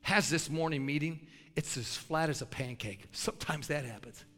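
A man preaching a sermon with animated, folksy storytelling that builds to shouting. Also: on the high side, normal speed. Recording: long hall reverb.

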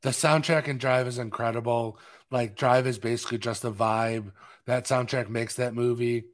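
Co-hosting a live film podcast, this man speaks in a mid-range voice at a moderate pace with fairly even intonation. The conversation is loose, chatty and wandering, full of filler words.

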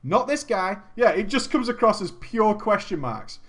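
A man's voice: sits high, sing-song, moderate pace, fairly bright tone. A man reading a gaming story aloud and riffing on it with comic commentary, laughing often and swearing freely.

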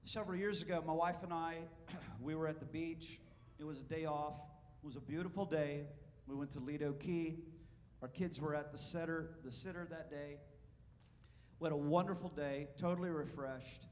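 A man preaching an animated sermon to a congregation in a church, telling a story and asking his listeners questions. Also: a little high, moderate pace, long reverb tail, slight background noise. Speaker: pastor. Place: church sanctuary.

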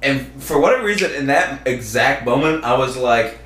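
A man's voice: medium pitch, animated, brisk, a bit bright, echoey room. A man co-hosting a podcast, rambling loosely with lots of fillers. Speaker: podcast co-host. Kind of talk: casual chat.

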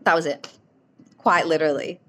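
Low-voiced woman telling a story. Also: normal speed, poor audio. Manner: emotional, animated retelling with many fillers. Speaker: podcast host telling personal stories. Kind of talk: casual storytelling.

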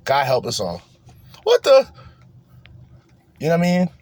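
A man's voice: mid-range voice, sing-song, racing, darkish tone, no echo. A young man from New Jersey, hosting a podcast, delivers a rambling, profane and heated political rant in a casual tone. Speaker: podcast host.

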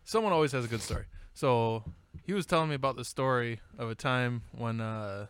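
A man hosting a podcast in a relaxed, casual way, laughing along and chiming in briefly. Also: medium pitch, fairly quick, clear, resonant tone. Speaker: podcast host. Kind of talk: casual chat.

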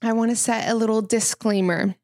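A woman's voice: on the high side, steady tone, a little fast, a little mellow, no echo, clean studio sound. A young woman co-hosting a podcast in casual, playful chat, teasing and laughing often. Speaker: podcast co-host.

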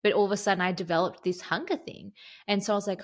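A woman's voice: mid-range voice, fairly even intonation, fast talker. A young woman co-hosting a podcast, talking in a candid, chatty way and sometimes losing her train of thought. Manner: chatty, candid, tangent-prone. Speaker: podcast co-host. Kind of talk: casual chat.

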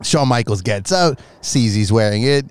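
A man co-hosting a podcast, telling a wrestling match play by play in a profane, excitable way. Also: medium pitch, moderate pace, smooth, no echo. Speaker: podcast co-host. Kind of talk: casual wrestling recap chat.

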